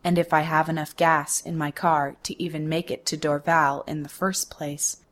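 A young woman narrating a first-person story in a measured, deliberate way. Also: low voice, flat delivery, fairly bright tone. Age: young adult.

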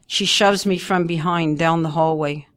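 A woman narrating her memoir in first person, in a measured, steady way. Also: low-pitched.

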